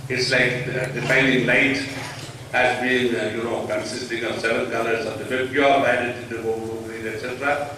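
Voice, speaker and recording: Older guy giving a spiritual talk, slow and reflective, super echoey hall, mic far off. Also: mid-range voice, level tone, sharp tone, slight background noise. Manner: slow, reflective, voices the Lord in dialogue. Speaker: spiritual teacher. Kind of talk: spiritual discourse.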